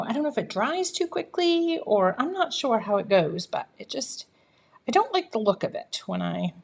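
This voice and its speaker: A woman with a somewhat high voice and vocal fry leads a live papercraft demonstration in her home craft room. She keeps things upbeat and talkative, laughing a lot and cheering herself along.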